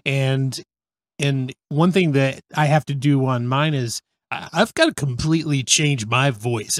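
A man's voice: medium pitch, unhurried, no echo. Easygoing middle-aged Texan man, dry sound. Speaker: podcast guest, radio host. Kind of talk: casual chat.

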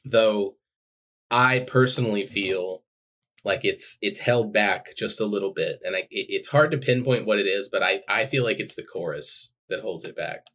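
A man's voice: on the low side, normal speed, a bit bright. A man co-hosting a podcast, teasing his partner in casual chat and laughing often. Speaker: podcast co-host.

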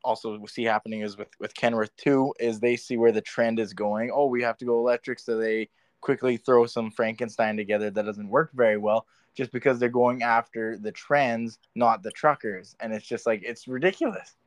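A man's voice: mid-range voice, steady tone, moderate pace, no room sound. A man hosting a casual podcast who makes frustrated, agreeing remarks. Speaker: podcast host.

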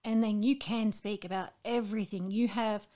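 A woman's voice: medium pitch, steady tone, moderate pace, warm tone. A woman in her late thirties, a guest speaking frankly and at length in a personal conversation, often acting out what others said. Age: late 30s. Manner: frank, rambling, acts out quoted voices. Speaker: interview guest.

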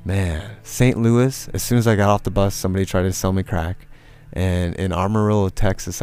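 A low, slightly mellow male voice belongs to a Californian casually spinning a rambling, profane story from his own life. He fills it with fillers and acts out quotes in a raised, mocking tone.

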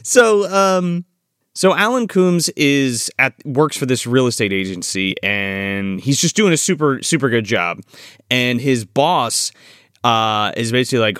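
A man recapping a movie episode in loose, profane podcast chat, his pitch swinging widely as he goes. The sound is dry and close, with no room around him. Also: unhurried, clean tone, dry recording. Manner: animated, swearing, laughing recap with quoted voices. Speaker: podcast co-host.

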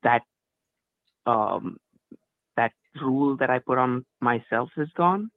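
A man's voice: mid-range voice, slow pace. A man calling in to a show, nervous and stammering as he explains his background. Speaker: caller. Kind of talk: casual call-in chat. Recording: tinny phone line.

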